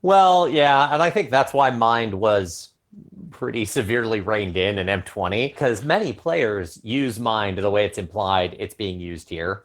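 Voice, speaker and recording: A man with a fairly low voice co-hosting a podcast. He talks through his ideas in a thoughtful, analytical way during a casual chat. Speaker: podcast co-host.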